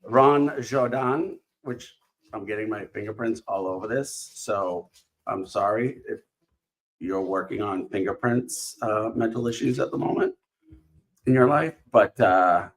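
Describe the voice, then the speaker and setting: A man with a fairly low voice hosts a casual live stream while opening trading cards, speaking at a measured pace. He rambles, fills space with fillers, and keeps interrupting and restarting himself.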